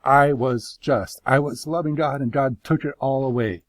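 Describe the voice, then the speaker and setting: A man's voice: mid-range voice, expressive, moderate pace, a little mellow, dry recording, close to an everyday voice. A man voicing a suffering man who pleads his innocence before God, passionate and bitter. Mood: anguished.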